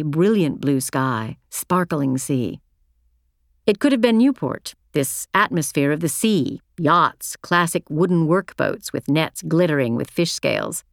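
A woman narrates a first-person novel in a measured, reflective reading. Her voice sits low, and the close studio recording is completely dry, with no room sound. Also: no room sound. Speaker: audiobook narrator.

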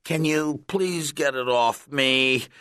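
A man's voice: mid-range voice, slow, pushed and bright, smooth, dry recording, clean studio sound, voice pushed up. A man voicing an anxious, pleading schoolboy in a read-aloud story. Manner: pleading, whiny. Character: anxious schoolboy with a wasp on his neck. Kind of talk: storybook character voice.

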